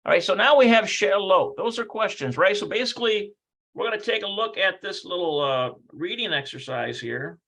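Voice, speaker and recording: A man's voice: high-pitched, animated, normal speed, bright, forceful tone, poor audio. A man teaching a casual livestreamed language lesson, rambling, thinking aloud and correcting himself as he goes. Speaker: Hebrew teacher.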